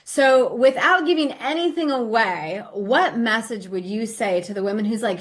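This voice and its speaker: A woman's voice: a little high, expressive, normal speed. A middle-aged woman hosting an interview podcast, effusive, enthusiastic and motivational in casual chat. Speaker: podcast host and coach.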